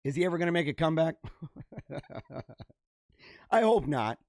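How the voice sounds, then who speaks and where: A man's voice: on the high side, lively intonation, normal speed, darkish tone, no echo, clean studio sound. A man hosting a show, casually reading out odd news stories and riffing on them with lots of laughter, speaking straight to his viewers. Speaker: podcast host.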